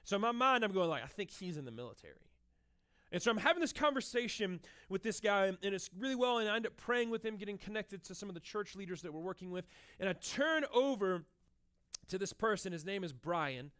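A man's voice: high voice, animated, brisk, a bit bright, smooth. A young adult man preaching a sermon as pastor, telling a personal story with frequent fillers and restarts.

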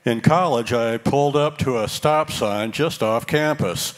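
A man from the congregation reading a short personal anecdote aloud in a slow, measured way. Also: mid-range voice. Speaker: congregation member reading a story.

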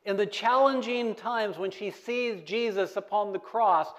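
High-voiced preaching man. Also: measured pace. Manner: call-and-response preaching, asks the congregation questions. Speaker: pastor. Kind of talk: sermon. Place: church sanctuary.

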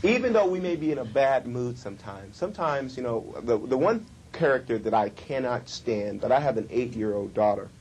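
A middle-aged man giving a workshop lecture on communication, with emphatic, drawn-out stresses. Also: mid-range voice, lively intonation, darkish tone, slight background noise. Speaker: communication trainer.

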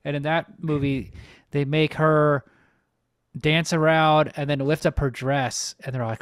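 A man co-hosting a podcast, walking through a movie's plot in loose, run-on stretches. His voice sits at a middling pitch. He is recorded close in a very dry space. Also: little pitch movement, moderate pace, dry recording. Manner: recaps the plot in long rambling runs. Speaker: podcast co-host. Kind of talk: casual movie recap chat.

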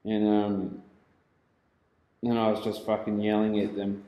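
A man's voice: fairly low pitch, flat delivery, measured pace. Swearing New Zealand man in an echoey room. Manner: profane, laughing, rough storytelling with bursts of shouting. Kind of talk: casual storytelling.

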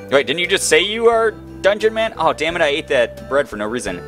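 A man narrating his playthrough in a loose, jokey way, his pitch swinging up and down with lively energy. He talks straight to the game characters as if they were friends. Soft music plays faintly underneath. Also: fairly quick, hardly any pauses. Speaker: let's play gamer. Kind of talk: casual game commentary.

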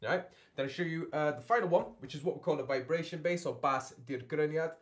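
A man's voice: a little high, fairly quick, noisy background. A man teaching a beatbox workshop from his home studio. He keeps checking in with his learners with "yeah?" and "okay?". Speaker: beatbox tutor.

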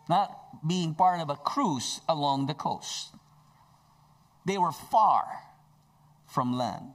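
A man's voice: high-pitched, lively intonation, slow. A male pastor preaching a sermon, emphatic, stretching out key phrases, with joking asides.

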